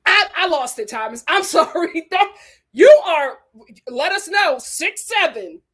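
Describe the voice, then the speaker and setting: Animated, high-pitched woman reviewing reality TV. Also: measured pace. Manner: sassy, dramatic, laughs a lot. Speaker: reality TV review show host. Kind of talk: animated live review chat.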